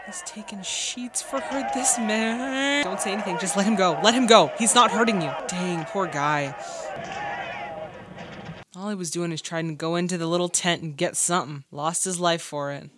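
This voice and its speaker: A woman's voice: on the low side, moderate pace, crowd noise, background noise. A woman hosting a casual movie reaction, exclaiming and laughing often as she comments.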